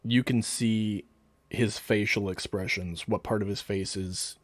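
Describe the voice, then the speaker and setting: Guy game master walking players through rules, calm and patient, dry close mic. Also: lowish voice, measured pace, dry recording. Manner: patient, explains rules step by step. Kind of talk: running a tabletop game online.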